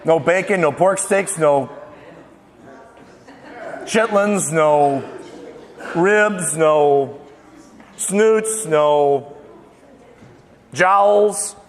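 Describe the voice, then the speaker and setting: A man's voice: sits high, lively intonation, drawn-out words, pauses often. A male pastor giving a casual, humorous sermon, folksy and joking, rattling off lists with playful emphasis. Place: church sanctuary. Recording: long church-hall reverb.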